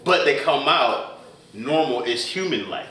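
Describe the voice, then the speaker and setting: Animated, laughing male podcast co-host. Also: medium pitch, measured pace. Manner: animated storyteller who laughs often. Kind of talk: casual chat. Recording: echoey room, distant mic.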